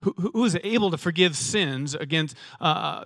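Male pastor, casual sermon, rhetorical questions, somewhat high voice. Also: expressive, normal speed, fairly bright tone, no echo. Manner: conversational preaching with rhetorical questions and repeated words.

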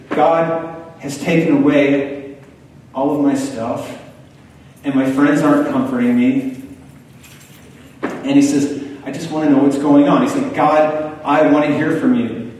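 A man preaching a sermon in a conversational way, turning lively when he quotes other people. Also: a little high, slight background noise. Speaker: pastor. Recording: echoey hall, far from the mic.

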